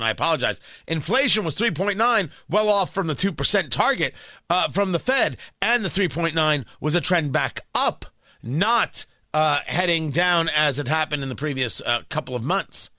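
A man hosting a morning talk radio show, delivering an animated, wry monologue with rambling asides from a studio microphone. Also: on the high side, dry recording.

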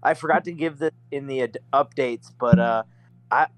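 A man's voice: medium pitch, moderate pace, no room sound. Man, casual podcast chat, laughs a lot, swears offhand, mid voice, dry mic. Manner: laid-back, laughs often, swears casually. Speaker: podcast co-host.

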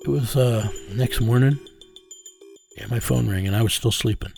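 A man's voice: medium pitch, moderate pace, creaky, darkish tone, faint music behind. A man telling, in plain, folksy words, the story of a case he tracked as an investigator. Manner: plain-spoken, drawling, folksy phrasing. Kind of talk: casual first-person storytelling.

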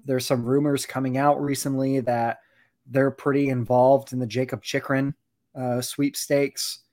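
This man co-hosts a casual sports chat. His voice sits at an ordinary pitch for a man. He lays out his points in a steady, analytical way. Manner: measured, analytical, fond of "you know". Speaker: podcast co-host, hockey analyst.

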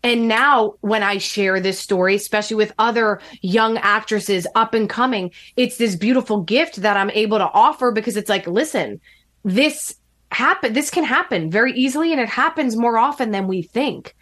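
Woman guest on a podcast, higher voice, animated storyteller doing little voices for quotes. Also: moderate pace. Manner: animated, acts out quotes with shifting pitch. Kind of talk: casual storytelling.

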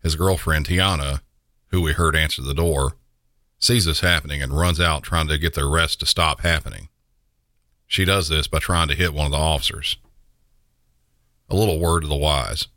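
A man's voice: rumbling low, steady tone, moderate pace, long pauses, bright, forceful tone, no echo. A man narrating police incidents with dry, wry asides. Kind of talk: scripted narration.

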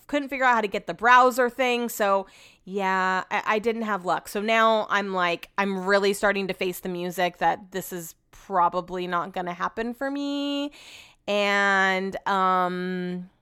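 A woman's voice: medium pitch, bright, forceful tone, smooth, no room sound, studio quality. A young adult woman hosting a podcast at home, rambling in casual solo chat and swearing freely. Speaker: podcast host.

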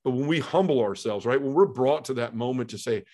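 A middle-aged man earnestly telling his personal testimony in conversation, acting out the voices he quotes and dropping to a hush at emotional moments. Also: medium pitch, a little fast.

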